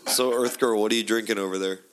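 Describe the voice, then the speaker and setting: Low-voiced man with short dry remarks. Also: steady tone, quick pace, a crowd in the background. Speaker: podcast co-host. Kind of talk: casual chat.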